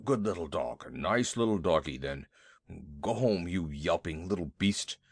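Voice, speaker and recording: Guy doing a big nervous elephant, deep and fussy, voice swoops around, storybook reading. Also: lively intonation, normal speed, slightly rough, no room sound. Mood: flustered. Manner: blustering and jittery, grumbling. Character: huge timid fussy male elephant.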